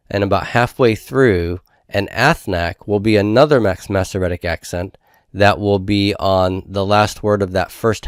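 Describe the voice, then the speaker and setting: A man's voice: deep voice, no room sound, studio quality. A man teaching a recorded Hebrew grammar lesson, explaining patiently and checking in with "okay?" as he goes. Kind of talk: recorded homework review lecture.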